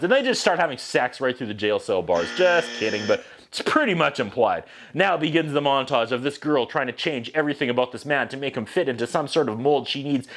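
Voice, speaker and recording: A man recapping a movie as a reviewer, with a sarcastic, joking manner. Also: fairly high pitch. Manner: sarcastic, animated, puts on voices for quotes.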